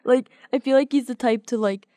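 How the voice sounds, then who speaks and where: A woman co-hosting a podcast in casual chat, with quick asides and frequent laughs. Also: high voice, mellow, dry recording. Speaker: podcast co-host.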